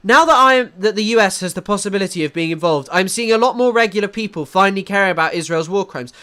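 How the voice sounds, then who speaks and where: High bright-voiced man rambling on stream. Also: fast, smooth. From England. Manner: rambling, restarts sentences, reads chat aloud. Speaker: livestream host. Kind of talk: casual livestream commentary.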